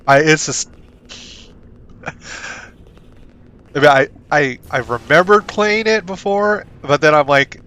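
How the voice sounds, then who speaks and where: A man streaming a game, chatting casually, reacting excitedly and reading game text aloud. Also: a little high, takes it slowly, pauses often, clear, resonant tone. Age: adult, not young. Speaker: gaming streamer. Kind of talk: casual let's-play commentary.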